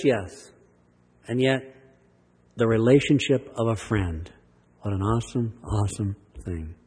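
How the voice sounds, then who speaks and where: A man's voice: medium pitch, a little mellow, breathy edge, long reverb tail. A man preaching a sermon, reading Scripture aloud and teaching from it with earnest, emphatic delivery that swells and drops. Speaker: pastor.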